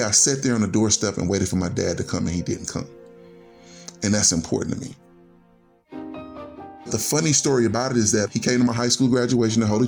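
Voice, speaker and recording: Gravelly low-voiced man telling his story. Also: a little mellow. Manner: earnest and reflective, strings thoughts together with "and so". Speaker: podcast guest telling his life story. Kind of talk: personal storytelling.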